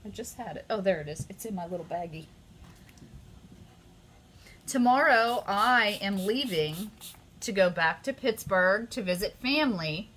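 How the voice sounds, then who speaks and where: Woman host, casual live craft demo, bright tone, eager and effusive. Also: medium pitch, measured pace, long pauses, slight background noise. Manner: chatty and easily excited, gushing. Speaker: craft demonstrator hosting a live stream.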